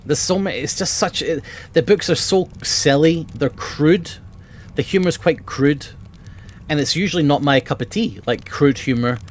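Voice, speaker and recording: A man's voice: fairly high pitch, moderate pace, slight background noise. Man rambling about books. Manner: rambling and enthusiastic, swears often. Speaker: streamer. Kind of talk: casual chat about books. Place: home room with bookshelves.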